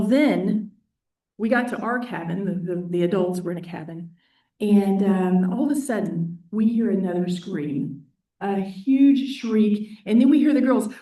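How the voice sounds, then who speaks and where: A woman from Indiana telling a story at an awards talk, acting out voices and dropping into whispers. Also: mid-range voice. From East Central Indiana. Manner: animated, acts out quoted voices and whispers. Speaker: award winner giving a talk. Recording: echoey hall, distant mic.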